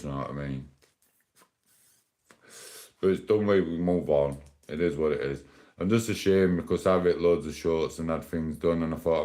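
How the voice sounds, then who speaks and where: A man's voice: extremely low pitch, fairly even intonation, normal speed, pauses often, mellow. A man chatting casually and rambling on a morning live stream, laughing often. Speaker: livestreamer.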